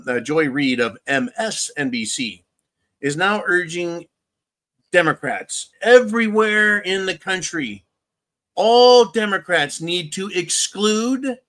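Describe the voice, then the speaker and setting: A man's voice: a little high, bright, forceful tone. A man hosting a casual political commentary livestream, rambling and sarcastic as he reads viewer chat. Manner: rambling and sarcastic, with chuckles and mocking asides. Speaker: livestream show host reading viewer chat.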